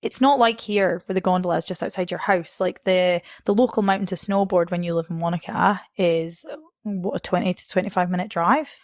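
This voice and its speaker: 陽気にしゃべるスコットランド訛りの若い女性. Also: female voice, fairly low pitch, a little fast, no room sound. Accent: Scottish. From Scotland. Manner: chatty, laughs often, animated quoting of others. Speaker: podcast guest. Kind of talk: casual storytelling interview.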